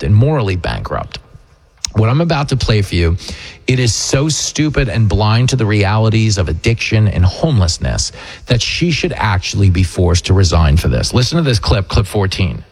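A man's voice: fairly low pitch, a little mellow. A middle-aged man hosting a talk radio show, giving mocking political commentary full of jokes and mimicked voices. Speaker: radio talk host and comedian.

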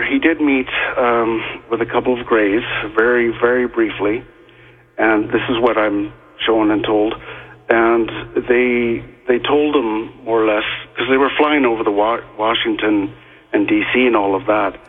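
A man talking as a guest on a call-in radio show, halting and full of fillers and restarts, heard over a phone line. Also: mid-range voice, steady tone, husky.

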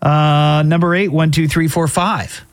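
A man's voice: on the high side, fairly even intonation, a little slow. A middle-aged man hosting a show, casually commenting on odd news stories with wry asides and frequent fillers. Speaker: host.

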